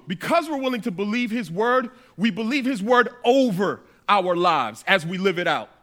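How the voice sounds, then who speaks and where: A man's voice: extremely high pitch, sharp tone. A man preaching a conversational, playful sermon to a church gathering. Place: church hall.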